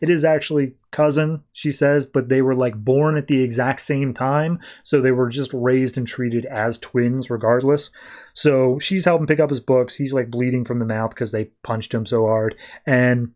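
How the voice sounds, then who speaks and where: A man's voice: mid-range voice, fairly even intonation, moderate pace, a little mellow. A man hosting a podcast, recapping a comic book issue in a loose, conversational way full of "like" and "uh". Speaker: podcast host.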